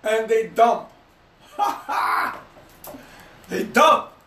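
A man with a high voice teaches about communication, stressing key phrases and checking in with his listeners. He sounds a little away from the mic. His voice carries the echo of a roomy space. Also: lively intonation, very slow, sharp tone, far from the mic. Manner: emphatic, repeats key phrases, asks rhetorical questions. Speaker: relationship coach. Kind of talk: motivational teaching talk.

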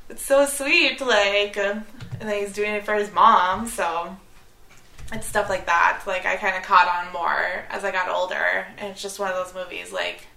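A woman's voice: mid-range voice, steady tone, normal speed, vocal fry, pushed and bright. A woman co-hosting a casual chat about movies, talking in a chatty way full of "like" fillers. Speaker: podcast co-host. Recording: echoey room.

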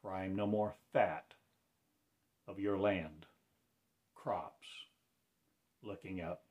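A man delivering a rambling religious monologue, swinging between quiet low mutters and loud raised declarations, often stretching out his words. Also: fairly even intonation, slow pace, highs cut off.

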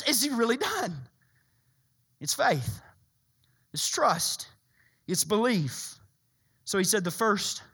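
A man preaching a sermon as a pastor, impassioned, swinging from loud bursts to hushed lines. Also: a little high.

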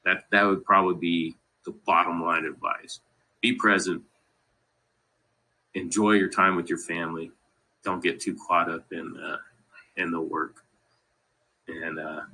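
A man's voice: low-pitched, fairly even intonation, unhurried, long pauses, bright, forceful tone, slightly rough, poor audio. A man from Colorado, a podcast guest, telling family stories in a casual, rambling way and leaning on "you know" constantly. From Colorado, USA. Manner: laughs through funny family stories. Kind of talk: casual interview storytelling.

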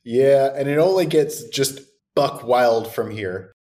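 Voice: mid-range voice, slow, mellow. A podcast co-host recapping a horror movie in casual, sarcastic chat and swearing freely.

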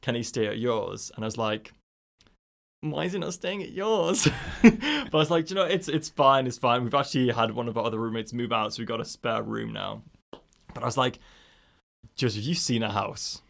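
A man's voice: mid-range voice, brisk, creaky, fairly bright tone. Young man, rambling laughing storyteller. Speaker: podcast co-host. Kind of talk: casual chat.

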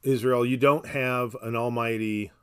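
A man teaching scripture in an easygoing conversation. He explains patiently and often restarts his sentences. A dry humor runs under his mid-pitched voice. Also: fairly even intonation, measured pace, clean tone. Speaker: Bible teacher. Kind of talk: casual Bible study podcast.

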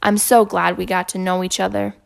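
A woman voicing a gentle, patient female school counselor who speaks softly and reassuringly. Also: medium pitch, little pitch movement, fairly quick, creaky. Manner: soft, reassuring.

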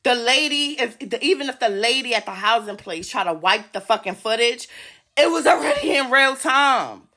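A woman's voice: fairly high pitch, expressive, moderate pace, bright, forceful tone. A woman hosting a solo podcast, ranting in an agitated, heavily profane way and speaking straight to her listeners. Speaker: podcast host.

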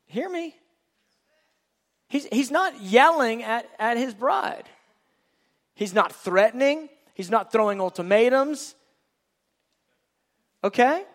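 A man delivers a sermon in a notably high voice. He speaks earnestly and plainly, like a pastor talking with his congregation. He often trips over and restarts his sentences. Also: animated, takes it slowly, long pauses, a bit bright. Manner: earnest, conversational preaching with restarts.

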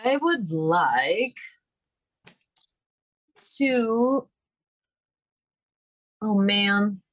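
A woman playing a tabletop game, hesitant and unsure as she checks her numbers. She talks slowly and takes her time. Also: medium pitch, animated, poor audio. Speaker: player.

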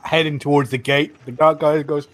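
A man's voice: a little high, little pitch movement, normal speed, noisy background. A man narrating a tabletop game as game master, rambling with many fillers.

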